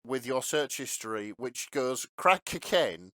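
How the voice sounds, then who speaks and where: A man co-hosting a casual podcast chat, lively and quick to laugh. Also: medium pitch. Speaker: podcast co-host.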